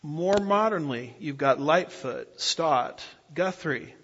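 A man preaching an expository Bible lesson, pausing to ask his listeners to fill in the blanks. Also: fairly high pitch, animated, a bit bright, husky. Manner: asks the audience fill-in-the-blank questions. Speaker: pastor teaching a Bible class. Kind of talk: expository sermon lecture. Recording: dull audio with long hall reverb.

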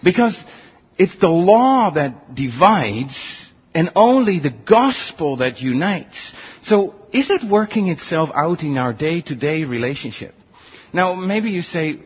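A man's voice: measured pace, slightly rough, highs cut off. A male pastor preaching a sermon, earnest and full of rhetorical questions. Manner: earnest, rhetorical questions, animated swings in pitch.

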